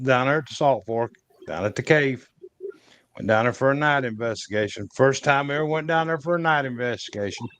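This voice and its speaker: Male guest, mid-pitched, spins a folksy, rambling tale with plain rural grammar and a dry, close sound. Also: dry recording. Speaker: guest telling an encounter story. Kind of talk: rambling casual storytelling.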